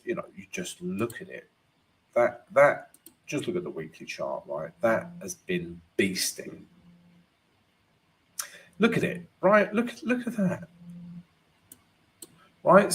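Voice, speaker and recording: A man hosting a live trading lesson, casual and chatty, often checking in with "right?" and addressing viewers as guys. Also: mid-range voice. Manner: laughs at his own jokes. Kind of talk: live chart analysis and viewer Q&A.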